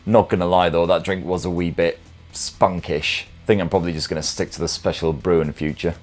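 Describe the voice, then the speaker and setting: Irreverent male tech-show host, low-ish voice, swears freely, jokes at his own expense. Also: steady tone, fairly quick, darkish tone. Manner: cheeky, sweary, self-mocking banter. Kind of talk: casual tech news podcast.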